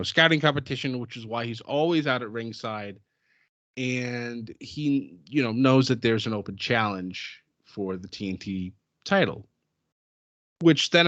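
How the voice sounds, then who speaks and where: A man co-hosting a casual podcast, enthusiastic and quick to laugh. His pitch rises and falls in a lively way. The sound is dry and slightly muffled, like a lo-fi home setup. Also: no echo. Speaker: podcast co-host. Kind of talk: casual wrestling chat.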